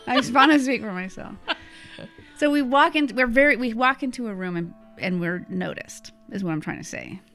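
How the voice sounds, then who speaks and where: Soft background music plays under this middle-aged American co-host, whose voice is a little high and fairly bright at a moderate pace. She chats casually on the podcast, laughing often and rambling through a travel story.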